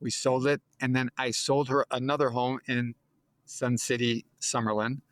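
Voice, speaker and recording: A man's voice: medium pitch, moderate pace, no echo. A man in his sixties, a real estate agent telling a story as an interview guest, acting out dialogue with a lifted voice. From United States. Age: 60s. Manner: lively, acts out dialogue in a raised voice.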